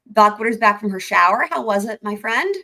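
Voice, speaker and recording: A woman's voice: medium pitch, lively intonation, fairly quick, vocal fry, pushed and bright. A woman hosting a livestream, giggly and profane as she rambles in casual commentary. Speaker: livestream host. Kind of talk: casual commentary on trial clips.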